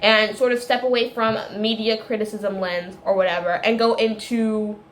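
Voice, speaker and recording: A woman in a casual video, ranting about a film in a rambling, animated way, full of restarts and tangents. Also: medium pitch, moderate pace, a little hiss or hum. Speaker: video creator.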